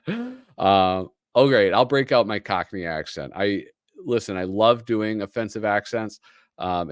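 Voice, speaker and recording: A man's voice: low-pitched, no echo, studio quality. A man hosting a casual livestream, rambling and self-deprecating as he reads through comics. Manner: rambling, self-deprecating, lots of fillers and laughs. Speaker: host. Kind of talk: casual livestream chat while reading comics. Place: home streaming setup.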